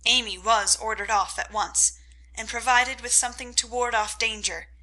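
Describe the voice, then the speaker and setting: A woman narrating a classic novel in measured, scripted audiobook style. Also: on the high side, fairly even intonation, bright, forceful tone, low-quality recording.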